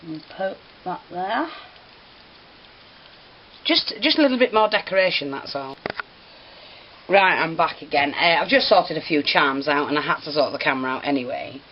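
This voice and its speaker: Low-voiced lady showing a craft project, chatty, slightly muffled recording with a bit of hiss. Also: expressive, moderate pace, pauses often. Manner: chatty, apologetic, prone to giggling fits. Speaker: craft teacher. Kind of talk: hands-on craft tutorial. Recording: slightly dull home recording with faint hiss.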